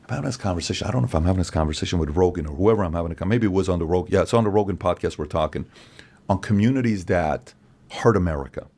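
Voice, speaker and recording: A man in his forties, a podcast guest, speaking in an animated, opinionated monologue full of rhetorical questions and acted-out quotes. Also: low voice, rapid-fire. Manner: acts out quoted voices, emphatic, rhetorical questions.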